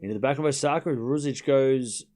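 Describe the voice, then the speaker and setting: A man hosting a live tennis watchalong stream, calling points in quick bursts and chatting with viewers, often stumbling over player names. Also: medium pitch, dark tone. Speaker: livestream tennis watchalong host. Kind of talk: live play-by-play commentary mixed with casual chat.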